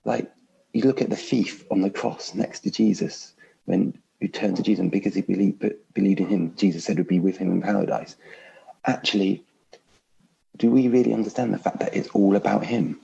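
A man's voice: lowish voice, brisk, vocal fry, mellow, slightly rough, highs cut off. A man preaching a sermon from home in an earnest, conversational way. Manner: earnest, repeats "actually" often.

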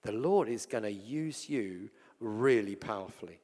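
An English man preaching a sermon and telling healing stories, swinging between loud exclamations and hushed asides. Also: lowish voice, expressive, a little slow. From England. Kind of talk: sermon with storytelling. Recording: long reverb from a large hall.

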